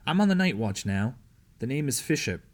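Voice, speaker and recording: A man's voice: medium pitch, sing-song, brisk, a little mellow, natural voice. A folksy, greedy soldier guarding prisoners, as a man reads him out. He talks in a loose, colloquial way, angling for treats in a storybook reading.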